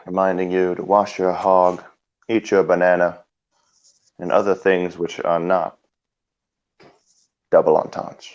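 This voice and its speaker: A man's voice: low-pitched, level tone, unhurried, pauses often, darkish tone, muffled recording. A man hosting an absurdist improvised comedy talk show, rambling from mock interview questions into fake sponsor messages and over-the-top dramatic monologues. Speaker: comedy host.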